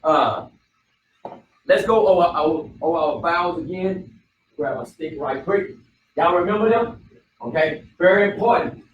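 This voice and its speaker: A man leads a class, his voice sitting a little high for a man. He talks from some distance away from the microphone, in an echoey room with a faint hum of ambience behind him. He keeps repeating points and checking with the class as he goes. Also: measured pace, long pauses, highs cut off. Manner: repetitive, prompting the class with questions. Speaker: bible study teacher. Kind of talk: classroom teaching. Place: study hall room.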